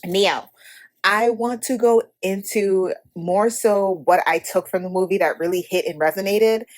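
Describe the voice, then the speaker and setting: A Haitian-American woman hosting a podcast, giving a blunt, profane, animated movie review in casual talk. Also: medium pitch, unhurried. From United States. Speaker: podcast host.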